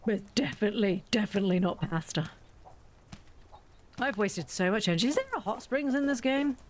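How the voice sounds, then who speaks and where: A game streamer with a brisk, mid-range voice chats casually while playing a farming game, poking fun at herself and thinking out loud. Her let's-play commentary is chatty, with slight background noise behind it.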